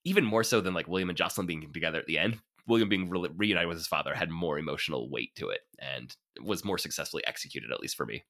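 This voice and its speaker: A man hosting a film podcast, talking casually with halting restarts, fillers and frequent laughter. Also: low voice, creaky, a bit bright. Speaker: podcast host.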